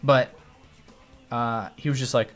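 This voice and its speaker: With faint music in the background, a livestreaming man talks slowly in a medium-pitched voice with fairly even intonation. His story is casual and rambling, full of profanity, and his sentences keep stopping and restarting.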